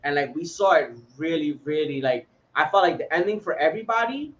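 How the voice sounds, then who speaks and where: A man's voice: a little high, lively intonation, fairly quick, fairly bright tone, dull audio. A man co-hosting a podcast in casual chat, laid-back, laughing often and swearing freely. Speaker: podcast co-host.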